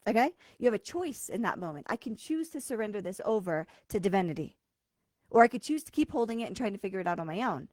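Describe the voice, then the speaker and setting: A woman's voice: mid-range voice, big pitch swings, fast, darkish tone, no echo. A woman speaking as a spiritual coach in a live-streamed talk, casual and blunt, often checking in with her listeners. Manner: emphatic, direct, keeps checking in with "okay?"; casual and blunt, swears now and then.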